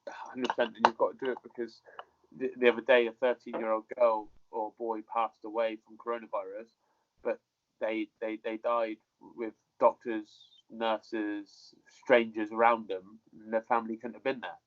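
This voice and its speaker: A fighter talks as a guest over a video call, a man with a lowish voice. He sounds relaxed and loose, swears casually and often says things twice. The audio comes through dull and lo-fi. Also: moderate pace. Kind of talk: casual interview chat.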